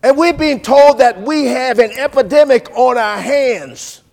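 A man with a high voice delivers a sermon in a rolling preacher's cadence. He drops to quiet, low asides, then lifts into loud, drawn-out emphasis, calling out to "folks" again and again. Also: vocal fry. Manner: preaching cadence with sing-song rises and big swings in loudness; keeps addressing listeners as folks.

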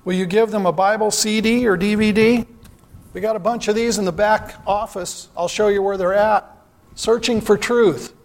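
Man, high-pitched, sermon, earnest, rhetorical questions. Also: normal speed, darkish tone, long reverb tail. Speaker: church speaker.

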